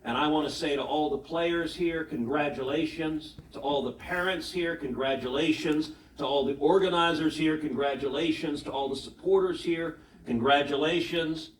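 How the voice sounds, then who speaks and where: A man's voice: a little high, moderate pace, few pauses. A man, a senator, giving an emphatic public keynote speech with rhetorical questions and anecdotes, heard in a large hall. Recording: echoey hall, voice from far off, faint noise.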